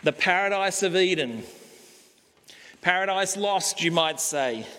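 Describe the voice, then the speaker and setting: A male pastor preaching a sermon, slow and emphatic, pausing on key words. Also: fairly high pitch, a bit bright. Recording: long hall reverb.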